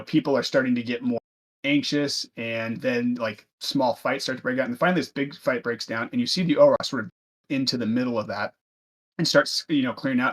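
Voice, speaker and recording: A man running a tabletop game as game master, narrating loosely with many fillers. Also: medium pitch.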